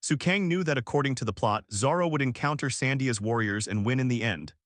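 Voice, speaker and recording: A male text-to-speech voice narrating a fantasy novel audiobook with a flat, even delivery. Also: medium pitch, fairly quick, no room sound, clean studio sound. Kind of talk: machine-read novel narration.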